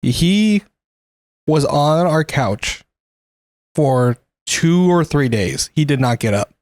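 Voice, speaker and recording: A man's voice: fairly high pitch, lively intonation, slow pace, darkish tone, no echo. A young man co-hosting a casual podcast, telling a story bluntly and matter-of-factly, with swearing. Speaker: podcast co-host.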